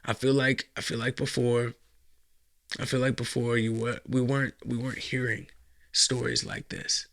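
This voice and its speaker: A man delivers a profane solo podcast rant. His voice is gravelly and bright, cutting through with a tense edge. He pitches into sarcastic put-on voices as he goes. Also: fairly even intonation, normal speed. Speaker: podcast host. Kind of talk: solo commentary monologue.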